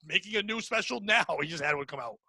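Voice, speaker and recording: A man's voice: high voice, animated, creaky, bright, forceful tone, slightly rough, no echo, studio quality. A young man hosting a comedy podcast, talking bluntly and profanely in casual banter. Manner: blunt, profane, rapid-fire. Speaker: podcast host, stand-up comic.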